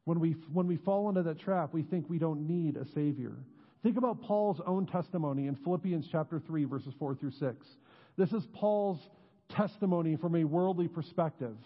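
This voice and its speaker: Earnest male pastor in echoing church. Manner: earnest, drops low and slow on key words. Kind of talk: sermon. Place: church sanctuary. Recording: muffled sound with long church reverb.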